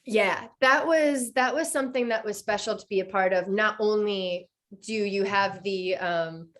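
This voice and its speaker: As a guest on a casual interview, this actress in her thirties eagerly shares stories and performs the quoted lines. She speaks unhurriedly in a mid-range, fairly bright voice.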